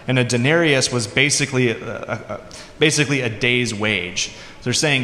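A man preaches to his congregation in a relaxed, conversational way, slipping into voices for the people in the story. His voice sits in the middle of the male range. The sound carries the long, roomy echo of a large church hall. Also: mid-range voice, fairly quick, few pauses. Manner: conversational preaching, acts out quoted lines with voices. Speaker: pastor. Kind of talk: sermon. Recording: echoey hall.

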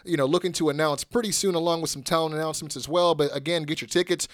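A man's voice: a little high, steady tone, fast, no room sound, studio quality. A man co-hosting a wrestling podcast in casual chat, laid-back and full of filler words. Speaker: podcast co-host.

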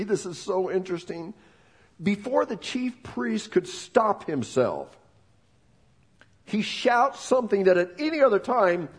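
Husky-voiced man preaching a dramatic sermon. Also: high-pitched. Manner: dramatic storytelling, acting out quoted voices. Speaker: pastor.

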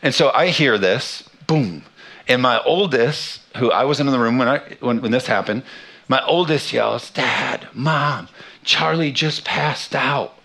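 A man's voice: mid-range voice, normal speed, fairly bright tone. A man in his thirties, a pastor preaching a sermon, telling a funny family story with self-deprecating humor. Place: church sanctuary.

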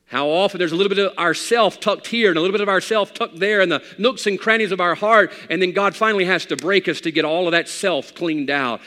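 Preacher, male, bright tense voice, hushed to fervent delivery, church hall reverb. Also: sits high, quick pace, few pauses. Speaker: pastor. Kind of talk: sermon.

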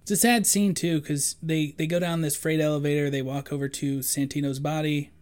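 A woman with a notably low voice, talking in an easy, casual way. She lays out events in a plain, matter-of-fact manner, one step after another. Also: steady tone, fairly quick, darkish tone, smooth. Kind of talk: casual chat recapping a film.

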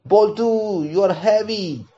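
A grumbling little boy with a high, complaining voice, as a male narrator puts him on. He whines about his friend in a childlike storybook tone. The recording is a bit dull. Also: expressive, normal speed, warm tone, natural voice.

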